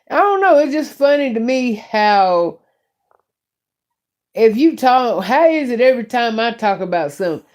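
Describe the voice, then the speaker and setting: A woman's voice: fairly low pitch, a little mellow. A middle-aged woman hosting her own YouTube channel, talking in a blunt, profane, rambling way as she rants casually to her viewers. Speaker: YouTube commentary host. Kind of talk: casual rant to camera.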